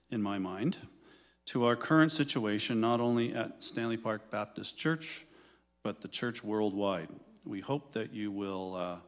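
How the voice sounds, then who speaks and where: A man giving a church announcement, reading scripture and speaking with hesitant pauses. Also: on the low side. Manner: hesitant, reads scripture then speaks plainly. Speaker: ministry leader giving an announcement. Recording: reverberant church hall.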